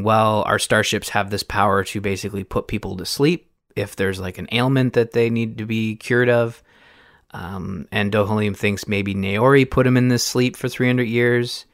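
A man's voice: on the low side, fairly even intonation, normal speed, no echo, studio quality. A man hosting a podcast, recapping a video game in a loose, rambling way with many fillers and restarts. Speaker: podcast host.

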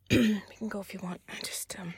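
A young woman in a one-sided audio role-play, talking in a halting, sighing, upset way that often drops to a whisper. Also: medium pitch, steady tone, darkish tone, husky, dry recording.

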